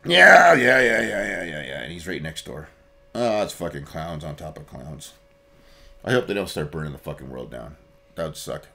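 A man's voice: extremely low pitch, very animated, normal speed, vocal fry, sharp tone. A man, a podcast guest ranting casually and swearing constantly. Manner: profane, ranting.

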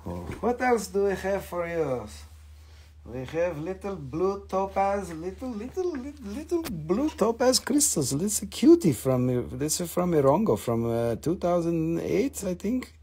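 A man's voice: high-pitched, very animated, unhurried, warm tone, slightly rough. A man hosting a live mineral sale, chatting enthusiastically and answering viewer comments. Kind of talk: casual live-stream sales chat.

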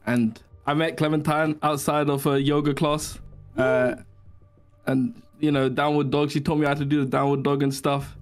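Flat deadpan man giving a joke eulogy. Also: on the high side, normal speed, faint music behind. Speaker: eulogy speaker.

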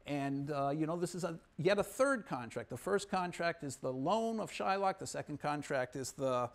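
A man giving a university economics lecture, retelling a story in an animated way, with many fillers and restarts. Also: on the high side, normal speed. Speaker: economics professor. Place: lecture hall.

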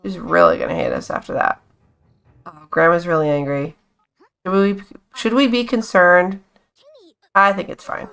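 A woman's voice: fairly low pitch, very animated, moderate pace, long pauses, a bit bright, smooth. A young woman giving casual, amused commentary on a life-sim game, chatting to the characters on screen as she plays. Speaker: gaming YouTuber.

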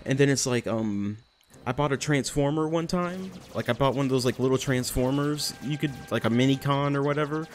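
A young man rambles through casual commentary while playing a game, drifting from joke to joke and swearing offhandedly. His voice sits at an ordinary, middle pitch, with game music playing faintly underneath. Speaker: let's play commentator.

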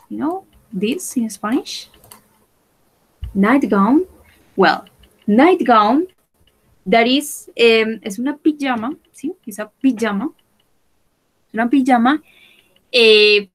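In a low-quality recording, a woman with a medium-pitched voice teaches English vocabulary in an online class. She patiently repeats each word for her students and switches into Spanish to explain.

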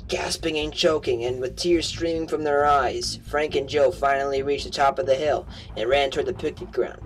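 A man's voice: mid-range voice, fairly even intonation, normal speed, low-quality recording. A man reading a novel aloud as an amateur audiobook, stumbling and correcting himself as he goes. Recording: home recording with faint music.

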